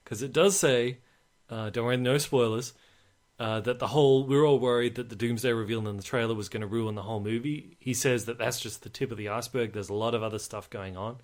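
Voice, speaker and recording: Brief: man, podcast co-host, animated casual film talk, mid-pitched. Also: fast. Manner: chatty, animated, mocking.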